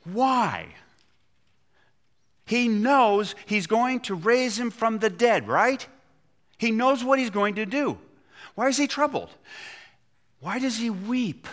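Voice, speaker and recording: A man preaching a sermon, retelling Bible stories with animated storytelling and acted-out voices. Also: extremely high pitch, slow, pauses often. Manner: animated storytelling, acting out voices of biblical figures. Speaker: pastor.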